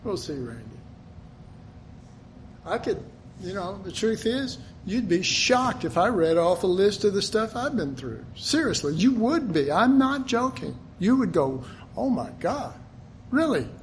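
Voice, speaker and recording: Slow, earnest male preacher. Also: high voice, lively intonation, slight background noise. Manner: earnest, emphatic, with repetitions. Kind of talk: sermon.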